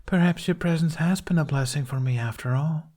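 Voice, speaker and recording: A man voicing a cold, paranoid ice queen with a soft, airy voice and a calm, quietly menacing manner, in a fan fiction audiobook reading. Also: a little high, fairly quick, voice pushed up, close to an everyday voice. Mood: mocking.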